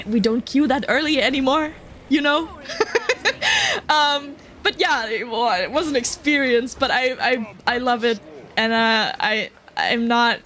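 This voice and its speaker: A woman's voice: high voice, a bit bright. A woman streamer chatting casually while she plays a game, giggling a lot between lots of fillers. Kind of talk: casual chat while gaming.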